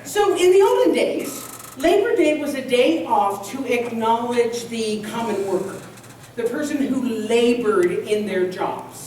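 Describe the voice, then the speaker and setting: A woman's voice: a little high, unhurried. A woman giving a humorous sermon to a congregation in a large hall, telling jokes and stories. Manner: lively, joking storyteller. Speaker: minister. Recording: echoey hall, distant mic.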